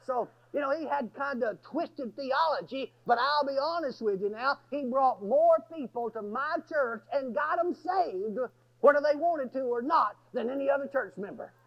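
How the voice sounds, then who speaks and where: A high-pitched man preaches in a folksy, storytelling way and breaks into shouts when things heat up. His voice carries gravelly fry, and the recording is dull and lo-fi. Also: normal speed. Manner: folksy, animated, bursts into shouting. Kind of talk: storytelling sermon.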